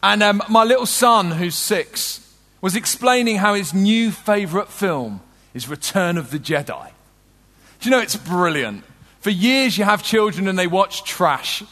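A British man in middle age preaching with a notably high voice. He tells stories with easy humour and a conversational touch. His voice rings out with a long reverb, as in a large hall. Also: expressive, a little slow, fairly bright tone. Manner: humorous, conversational, storytelling. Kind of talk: sermon.

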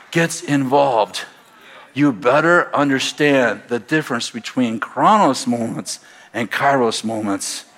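A middle-aged American man preaching a sermon in a church, telling stories and building to loud exhortation. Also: mid-range voice. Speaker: pastor. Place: church sanctuary. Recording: faint crowd in a church. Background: congregation.

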